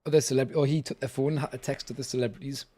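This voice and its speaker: A man's voice: mid-range voice, fairly even intonation, rapid-fire, mellow, slightly rough. A man with an English accent, chatting playfully and teasing on a casual gaming stream. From England.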